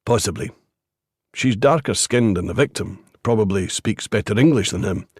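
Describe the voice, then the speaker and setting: An earnest male lawyer, principled and careful with his words, voiced by a man reading the story. His tone is low, and the recording is close and dry. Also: normal speed, slightly rough, no room sound.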